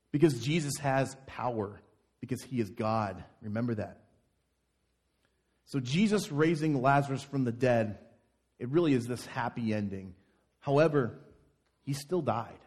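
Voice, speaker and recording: A man's voice: mid-range voice, darkish tone. A man preaching a sermon as pastor, reading scripture aloud with dramatic force.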